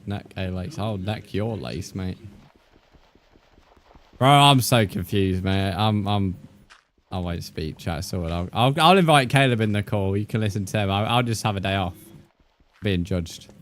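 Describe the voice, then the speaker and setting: A man's voice: on the low side, a little slow, long pauses. A young man streaming a game, chatting casually with viewers, joking, swearing and reacting to their comments.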